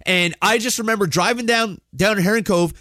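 A man in his thirties telling a story on a podcast, animated and full of swearing. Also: sits high, fairly quick, no echo, studio quality. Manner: animated, swears a lot, acts out quotes. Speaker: podcast co-host. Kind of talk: casual storytelling.

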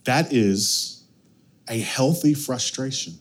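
A man preaching a sermon as pastor, animated, swinging from loud bursts to hushed lines. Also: medium pitch, slow pace.

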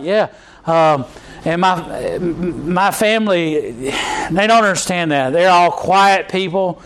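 A man's voice: high-pitched, slow pace, fairly bright tone, a little hiss or hum, low-quality recording. A man, preaching a sermon in a conversational way with frequent restarts and fillers. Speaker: pastor.

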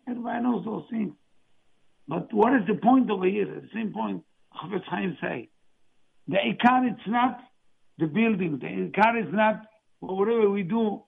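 A man's voice: sits high, creaky. Man teaching over tinny radio. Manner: mixes Hebrew phrases into halting English, slow emphatic stresses. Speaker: religious teacher. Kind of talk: Tisha B'Av talk.

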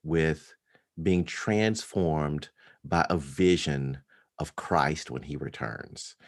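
A deep, low-pitched man speaking as a pastor in relaxed conversation. He reflects slowly, filling pauses with ums, then lifts his voice when a point matters to him. His speech has a calm, unhurried, searching quality. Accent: African American. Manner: thoughtful, pausing with many ums, rising with emphasis. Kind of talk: casual conversation about preaching.

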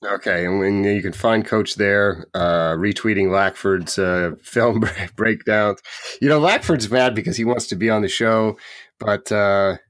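A man's voice: fairly low pitch, steady tone, measured pace, a bit bright, no room sound, studio quality. A man hosting a podcast in casual chat, telling joking anecdotes and laughing often. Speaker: podcast host.

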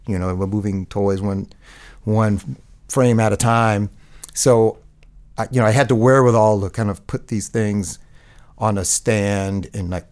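Gravelly low-voiced man, rambling. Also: darkish tone. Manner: rambling, full of fillers and restarts. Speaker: guest. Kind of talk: casual interview conversation.

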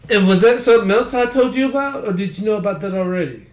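A man co-hosting a podcast in casual chat, drawling and cursing as he talks. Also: high-pitched. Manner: slow, drawn-out and profane. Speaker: podcast co-host. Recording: roomy room sound with faint noise.

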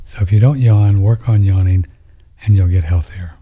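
Male host, low husky tone, loose rambling delivery with hushed asides. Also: normal speed. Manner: rambling, with frequent restarts and drops into near-whispers. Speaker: host answering viewer questions. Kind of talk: casual monologue.

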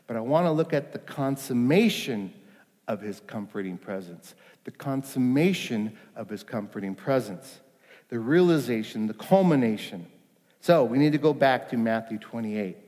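A man delivering a sermon in a big hall, the long reverb trailing after each phrase. He is emphatic, rises into pleading questions and sinks to quiet, reassuring lows. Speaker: pastor.

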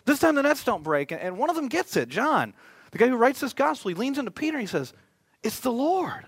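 A man's voice: extremely high pitch, sing-song, quick pace, breathy edge, dry recording. A male pastor preaching a sermon in a conversational way, with joking asides.

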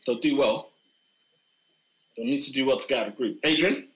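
A man's voice: mid-range voice, brisk, fairly bright tone. A man hosting a casual football chat, slangy and laughing often. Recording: roomy echo.

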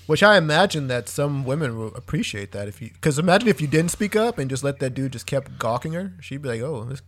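A man's voice: a little high, expressive, quick pace, fairly bright tone. A man co-hosting a podcast, joking crudely and saying "dude" constantly in casual chat.

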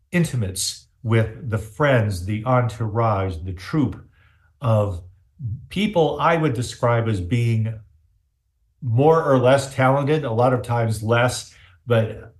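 A man hosting a podcast interview, asking long, winding questions in a slow, deliberate way. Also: mid-range voice. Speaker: podcast host.

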